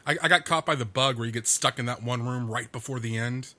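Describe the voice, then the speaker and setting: A man co-hosting a casual podcast from a small home studio, upbeat and quick to laugh. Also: mid-range voice, bright, forceful tone, no room sound. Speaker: podcast co-host. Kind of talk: casual chat.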